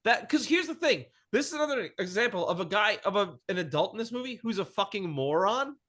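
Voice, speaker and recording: A man's voice: high voice, animated, fairly quick, fairly bright tone. A man co-hosting a podcast, chatting casually about a film, swearing freely and acting out quotes. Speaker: podcast co-host.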